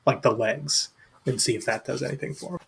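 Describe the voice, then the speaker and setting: A man describing his character's attacks in a tabletop game, relaxed and playful with many hesitations. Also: medium pitch, brisk, creaky, a little hiss or hum. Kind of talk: casual tabletop role-play.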